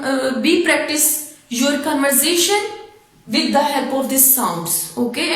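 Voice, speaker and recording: A woman with a Pakistani English accent giving an online spoken English lesson, slowly spelling out letters and sounds. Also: high-pitched, a bit bright. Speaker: English teacher. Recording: very echoey room.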